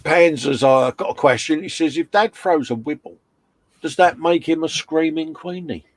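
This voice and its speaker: A man's voice: on the high side, moderate pace. Chatty man reading chat. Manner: chatty, reads chat messages aloud, laughs often. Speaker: host reading out live chat. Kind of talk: casual live-stream chat.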